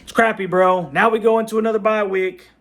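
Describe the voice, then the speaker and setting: Host, fired-up high-voiced fan rant, lots of "bro" and "man". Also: fairly even intonation, brisk, fairly bright tone. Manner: fired-up venting, repeats himself, "bro" and "man". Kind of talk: ranting fan reaction vlog.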